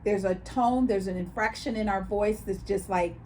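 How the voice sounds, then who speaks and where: A chatty woman co-hosting a casual talk show, her voice sitting in an everyday middle pitch. She tells stories with animated turns and acts out the voices of people she quotes. A faint noise hums under her voice. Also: normal speed, hardly any pauses. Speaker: co-host. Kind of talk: casual chat.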